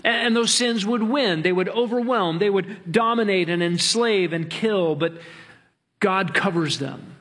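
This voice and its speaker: A man pastor preaching a sermon, earnest, slowing down to stretch key words. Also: high-pitched, fairly bright tone.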